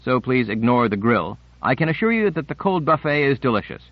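A man's voice: mid-range voice, big pitch swings, a little fast, no echo, dull audio. A man reading the lines of a young tour guide who speaks with wry mock apology in an audiobook.

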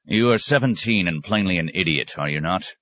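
A man's voice: low voice, animated, a little fast, fairly bright tone, no echo, highs cut off. A man voicing a stern, sarcastic abbot who questions a novice with cutting mockery. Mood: interrogating. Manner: mocking, cutting, sometimes roaring.

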